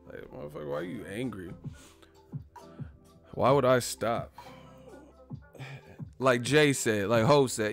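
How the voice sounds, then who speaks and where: A man hosting a video, ranting in a profane, animated, joking way. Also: mid-range voice, takes it slowly, vocal fry, pauses often, faint music behind. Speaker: video host. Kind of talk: casual comedic rant.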